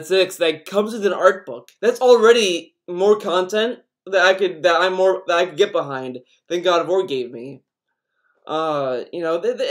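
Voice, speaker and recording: Male podcast host, high voice, loose profane rambling, constant restarts. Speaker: podcast host reading chat. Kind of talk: casual rambling stream chat.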